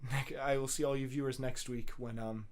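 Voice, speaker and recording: A man's voice: mid-range voice, flat delivery, a little fast. Young guy doing a solo podcast, rambly and earnest, cusses a lot, ums everywhere. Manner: earnest rambling pep talk with frequent swearing and fillers. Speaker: podcast host.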